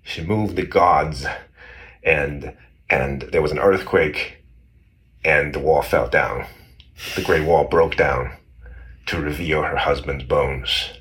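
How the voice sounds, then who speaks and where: His voice is extremely low and a bit bright, with fairly even intonation, a slow pace and frequent pauses. As a guest explaining history, this man tells his story casually, rambling, restarting many times and acting out quoted voices.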